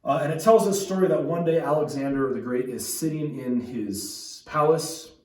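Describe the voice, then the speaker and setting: A man preaches a relaxed, conversational sermon, often restarting his sentences and checking in with his listeners. His voice sits at an ordinary pitch for a man. He sounds set back from the microphone in an echoey church room. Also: moderate pace, distant mic. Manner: conversational, with many restarts and tag questions. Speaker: pastor.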